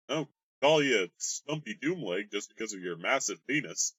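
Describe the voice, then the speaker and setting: Game master guy riffing on his world lore, bright animated voice, dry close sound. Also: mid-range voice, moderate pace, husky, no echo. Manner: rambling, jokey, crude humor. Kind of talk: casual worldbuilding explainer.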